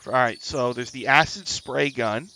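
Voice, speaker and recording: A man running a tabletop game as dungeon master, thinking aloud in an unhurried way. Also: medium pitch, sharp tone, slight background noise.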